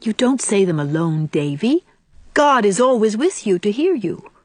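Gentle young woman, voiced by a female narrator; quiet and tender. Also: mid-range voice, big pitch swings, moderate pace, no room sound.

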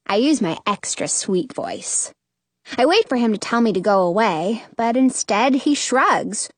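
A woman narrating a children's chapter book in an expressive, childlike first-person telling. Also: a little high, measured pace, no room sound. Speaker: audiobook narrator.

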